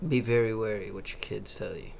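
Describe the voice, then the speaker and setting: A man hosting a reaction video, commenting casually in a slow, drawn-out way and swearing freely. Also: lowish voice, steady tone, gravelly, slight background noise.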